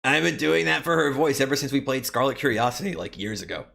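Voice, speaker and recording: A man's voice: medium pitch, lively intonation, fast, creaky, bright, forceful tone. A man streaming a video game, chatting casually and animatedly as he plays. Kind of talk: casual gameplay commentary. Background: faint game music.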